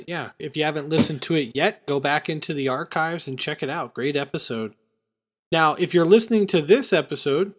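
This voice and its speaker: A man co-hosting a casual movie podcast, chatting and previewing upcoming films. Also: fairly high pitch. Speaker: podcast co-host.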